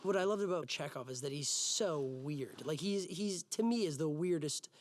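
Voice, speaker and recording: A young man, an actor, talking quickly and animatedly in an interview about his role. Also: a little high, expressive, no room sound. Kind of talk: interview for a behind-the-scenes featurette.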